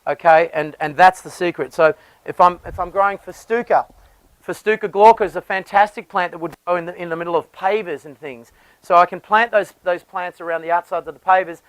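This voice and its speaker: A man's voice: sits high, fairly bright tone, no echo, poor audio. A man, a landscape designer, explaining garden design with enthusiasm and often restarting his phrases.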